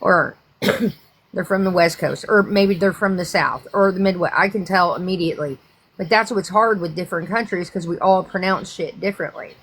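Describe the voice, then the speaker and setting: A woman's voice: fairly low pitch, moderate pace, fairly bright tone, breathy edge. Frank, rambling American woman. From United States. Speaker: livestream host. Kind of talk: casual chat.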